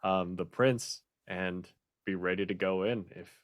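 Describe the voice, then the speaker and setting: Slow, low-voiced male tabletop player. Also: fairly even intonation. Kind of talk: tabletop roleplay.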